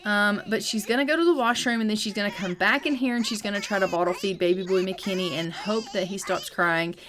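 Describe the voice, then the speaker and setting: A woman's voice: mid-range voice, fairly quick, a bit bright. Chatty woman narrating a game. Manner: chatty, upbeat, frequent "um" fillers. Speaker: gaming channel host. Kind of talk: casual let's-play commentary.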